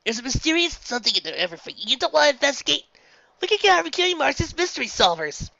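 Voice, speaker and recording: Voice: mid-range voice, very animated, fairly quick, bright, forceful tone, dry recording, voice pushed up, exaggerated voice. A narrator voicing a bold, impatient tomboy pony filly in a raised voice, on a dull lo-fi recording. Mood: pushy.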